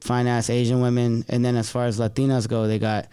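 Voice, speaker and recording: Guest comedian: American guy, smooth and dry studio sound, slangy and animated. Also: mid-range voice, a little fast, dry recording. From San Jose area, California. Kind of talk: casual podcast chat. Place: podcast studio.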